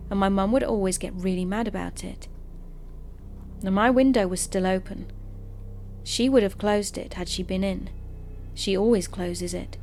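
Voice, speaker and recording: A woman hosting a channel and calmly narrating scary stories in a steady storytelling voice. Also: medium pitch. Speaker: host and narrator of horror stories. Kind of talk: scripted horror story narration.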